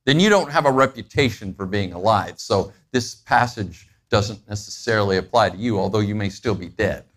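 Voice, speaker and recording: Conversational male preacher. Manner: conversational, asks listeners questions; acts out everyday moments with animated pitch jumps. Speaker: pastor. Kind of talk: sermon.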